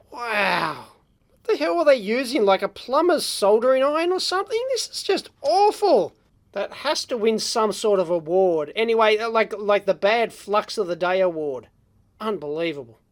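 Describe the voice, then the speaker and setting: Australian woman, electronics vlog host, casual teardown commentary, blunt, excitable exclamations, middling pitch. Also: moderate pace.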